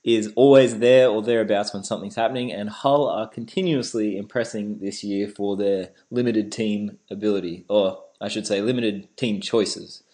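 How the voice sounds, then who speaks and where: Lowish guy on a footy podcast, jokey, laughs a lot, restarts his sentences. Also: steady tone, warm tone, poor audio. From Australia. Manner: joking, quick laughs, repeats words. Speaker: podcast co-host. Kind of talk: casual sports podcast chat.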